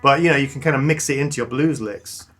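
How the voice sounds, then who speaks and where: A man giving a casual guitar lesson, relaxed and enthusiastic, pausing to play between phrases. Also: mid-range voice. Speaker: guitar teacher. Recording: clean guitar loud behind. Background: guitar playing.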